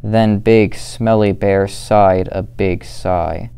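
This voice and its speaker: A young man, a student volunteer, reading a children's story aloud in a slow, steady, gentle manner. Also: lowish voice, gravelly, smooth.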